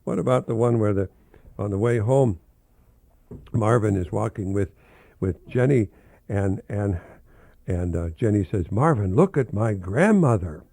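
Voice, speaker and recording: An older professor hosting a radio talk, reading children's jokes aloud in a rambling, fond way and chuckling often. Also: male voice, on the low side, unhurried, gravelly, long pauses, mellow, no echo.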